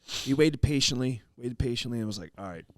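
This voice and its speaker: A man's voice: medium pitch, expressive, fairly quick. A man, telling a story in casual podcast chat and quoting an old coworker.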